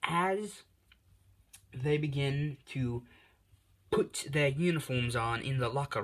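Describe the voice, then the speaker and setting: A man's voice: medium pitch, takes it slowly, pauses often, a bit bright. A man hosting his channel, improvising a fan story in a rambling, self-deprecating way with lots of fillers.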